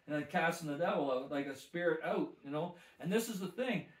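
Slightly high-pitched and fairly fast, this man is a guest minister sharing his testimony in a room with a roomy sound. His delivery is emphatic, with phrases repeated at mounting intensity.

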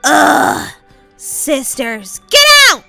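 A woman's voice: sits high, wildly swooping pitch, very slow, vocal fry, over loud music, heavily acted. A woman doing a grumpy sleepy girl. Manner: grumpy, sulky. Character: grumpy sleepy young girl, not a morning person.

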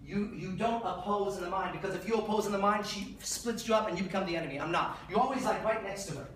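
A man speaking at a conference, animated and profane, acting out little scenes for the crowd. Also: high-pitched, fast talker, a little hiss or hum. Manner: profane, animated, acts out voices. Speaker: seminar speaker. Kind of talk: conference talk. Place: large conference hall. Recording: echoey hall from far off.

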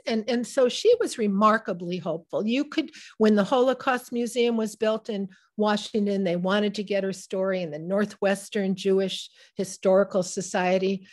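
A woman in her sixties, an author being interviewed, telling personal family stories in a halting, emotional way with many restarts. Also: mid-range voice, fairly even intonation. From Midwest United States. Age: 60s. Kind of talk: reflective personal storytelling.

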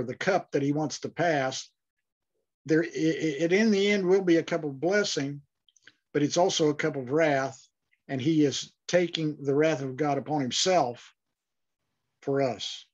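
A man's voice: on the high side, normal speed, highs cut off. A man teaching an online Bible class, speaking thoughtfully with frequent fillers and restarts.

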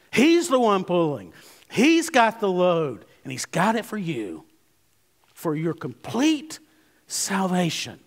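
A male pastor preaches with a high, light voice, leaning hard on key words and then dropping to quiet, low asides. He sounds like he is in a church sanctuary, with long reverb trailing each phrase. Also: sing-song, slow. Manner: emphatic, swinging from loud stresses to hushed low asides. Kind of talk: sermon.

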